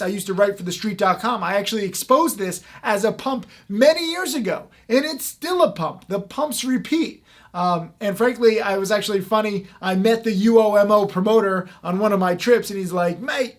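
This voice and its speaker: A man with a fairly high voice teaches stock trading straight to the camera. He talks fast and with emphasis, leaning on frequent fillers as he goes. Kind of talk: direct-to-camera talk.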